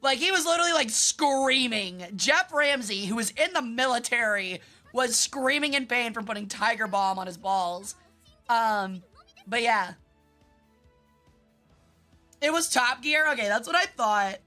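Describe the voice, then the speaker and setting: A young woman from Memphis chatting casually on a live stream while gaming, animated and quick to swear, laugh and shriek. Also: on the high side, faint music behind. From Memphis, US South. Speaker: vtuber streamer.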